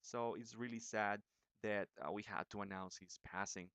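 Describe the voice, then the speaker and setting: A young man who reviews movie trailers in a casual vlog, talking in an excited, chatty way with many fillers and restarts. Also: on the low side, moderate pace, smooth, dry recording.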